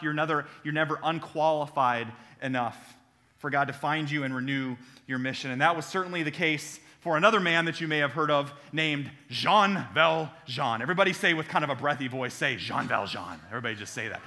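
A man's voice: fairly high pitch, bright, forceful tone. A young adult man preaching a sermon in a church, talking conversationally and telling funny stories, calling out to the audience. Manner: conversational, humorous storytelling with audience call-outs. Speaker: pastor. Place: church sanctuary.

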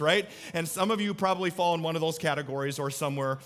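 A man's voice: a little high, fast talker, hardly any pauses, fairly bright tone. A man in his thirties, a pastor giving a sermon to a live audience in a church, talking conversationally and putting questions to the listeners. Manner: conversational, asks the audience questions, tells family stories.

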